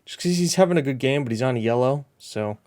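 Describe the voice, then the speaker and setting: Excitable man commentating a game. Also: medium pitch, fast. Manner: chatty and rambling, excitable bursts at match action. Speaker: gameplay commentator. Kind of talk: casual let's-play commentary.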